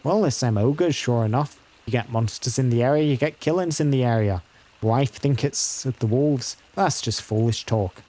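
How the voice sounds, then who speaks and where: A man's voice: mid-range voice, moderate pace, warm tone, close to an everyday voice. A man doing a gloomy folksy cattle herder. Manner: folksy, rambling, ungrammatical country talk. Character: rustic middle-aged male cattle herder, gloomy.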